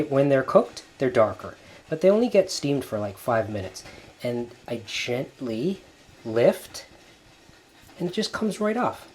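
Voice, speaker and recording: A man hosting a cooking video in a home kitchen, gently narrating each step as he works. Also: a little high. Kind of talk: cooking demonstration.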